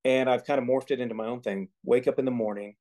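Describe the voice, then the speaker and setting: A man co-hosts a faith podcast in an easygoing, earnest way, often stopping and restarting his sentences as he works out what he means. His voice sits at an ordinary middle pitch. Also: steady tone, fast talker, warm tone. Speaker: podcast co-host. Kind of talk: casual faith conversation.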